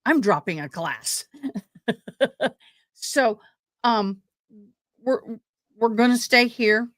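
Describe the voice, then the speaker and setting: A woman's voice: on the high side, expressive, slow, a bit bright, dry recording, studio quality. A woman hosting a livestream, talking casually and informally to her viewers. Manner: chatty, informal. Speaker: livestream host.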